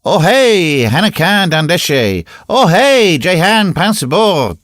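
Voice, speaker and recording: A man voicing a gang of rowdy street children, shouting loudly and high in an audiobook. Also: very animated, moderate pace, no room sound, studio quality, full character voice. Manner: loud, raised shouting.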